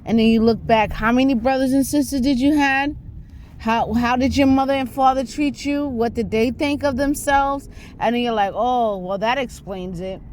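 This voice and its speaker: A woman's voice: high-pitched, steady tone, normal speed, a little mellow, a little hiss or hum. Emphatic New woman rambling on. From New York. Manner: emphatic and rambling, with repeated rhetorical questions. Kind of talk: casual spoken monologue.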